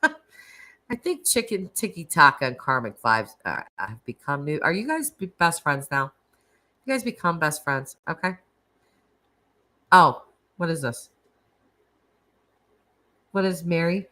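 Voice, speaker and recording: A woman's voice: deep voice, big pitch swings, a little slow, pauses often, pushed and bright. A woman hosting a casual live stream, chatting and laughing as she reacts to viewer comments. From United States. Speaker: livestream host.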